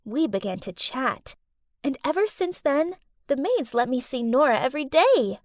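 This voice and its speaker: A young woman narrates an animated story in the first person, wide-eyed and lively. Her voice is high and swoops up and down with a lot of expression. The sound is dry and close. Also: normal speed, dry recording.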